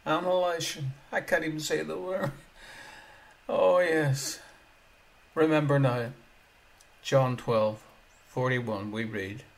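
A man delivering a lively sermon with a somewhat higher-pitched voice. He swings between soft, low asides and loud exclamations, and chuckles often as he preaches. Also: takes it slowly, vocal fry, pauses often.

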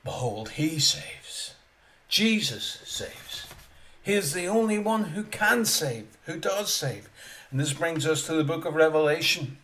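A man preaching a sermon, emphatic and repetitive, swinging between loud proclamation and quiet asides. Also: on the high side, moderate pace.

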